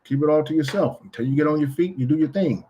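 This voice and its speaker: A man's voice: fairly high pitch, fast talker, warm tone, highs cut off, slight background noise. A man from California giving a blunt, profane monologue to camera, repeating himself for emphasis. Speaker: vlogger. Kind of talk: casual ranting monologue.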